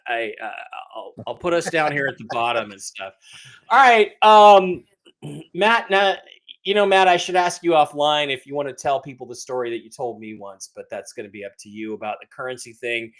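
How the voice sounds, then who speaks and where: A man's voice: a little high, moderate pace, a bit bright. A man hosting a casual livestream, greeting viewers in the chat and teasing them in a rambling way. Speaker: livestream host.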